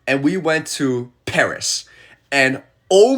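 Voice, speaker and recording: A young man chatting casually on a phone livestream, an animated storyteller who acts out the people he quotes. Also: medium pitch, moderate pace.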